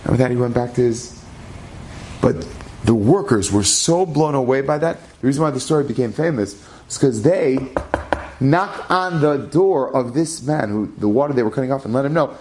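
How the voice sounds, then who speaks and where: A man telling an inspirational story in an animated way, with dramatic pauses and shifting pace. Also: mid-range voice.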